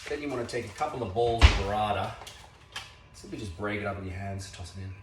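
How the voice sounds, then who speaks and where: Guy with a lowish voice doing a chatty jokey cooking vlog, echoey kitchen, pans clanking behind. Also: normal speed, background noise. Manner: playful, chatty, jokey asides. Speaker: cooking show host. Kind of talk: casual cooking demonstration. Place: home kitchen.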